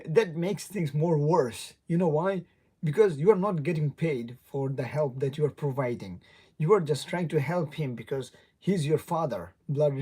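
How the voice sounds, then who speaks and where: His voice is on the high side yet dark and slightly rough. He's a young livestream host with a non-native English accent, chatting casually and aimlessly, greeting his viewers and laughing frequently.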